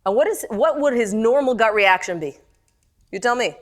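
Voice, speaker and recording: A middle-aged woman teaching a text-study class, animated and questioning her students. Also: a little high, normal speed.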